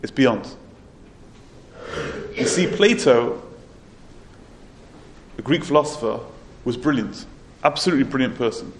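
A man's voice: mid-range voice, expressive, a little slow, pauses often, a little hiss or hum. A man teaching a Torah lesson, retelling a Midrash in an earnest storytelling manner with occasional restarts. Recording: roomy echo, faint ambience.

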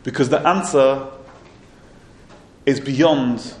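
A man's voice: mid-range voice, slow pace. A man teaching a Torah lesson, retelling a Midrash in an earnest storytelling manner with occasional restarts. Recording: roomy echo, faint ambience.

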